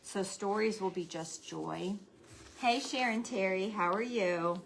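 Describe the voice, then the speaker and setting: A woman's voice: medium pitch, measured pace, vocal fry, a little hiss or hum, poor audio. A middle-aged woman hosting a live craft tutorial, chatting and greeting viewers by name while keeping her voice down so a baby can sleep. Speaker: craft livestream host.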